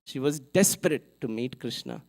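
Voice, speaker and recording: A man giving a sermon in a temple hall, telling a story in an animated way, acting out its characters and asking the audience questions. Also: mid-range voice, moderate pace. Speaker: temple speaker. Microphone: live event mic.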